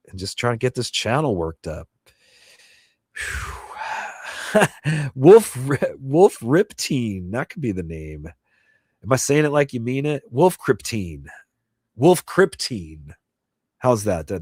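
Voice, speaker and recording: A man's voice: on the low side, dry recording, studio quality. A middle-aged man hosting a casual livestream chat from home, rambling with many fillers and restarts and reading chat messages aloud. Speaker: host.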